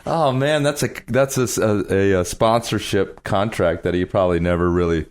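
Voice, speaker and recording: A man's voice: on the low side, moderate pace, noisy background. A man hosting a podcast interview, chatting casually with joking asides and frequent laughter. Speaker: podcast host.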